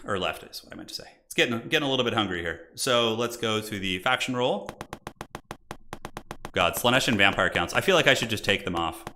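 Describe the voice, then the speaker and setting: A young man casually commentating a live game stream, excitable and joking. His voice is bright and forceful, and his pitch swings a lot. He chats straight to his viewers. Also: fairly quick, a little hiss or hum. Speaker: streamer hosting multiplayer matches.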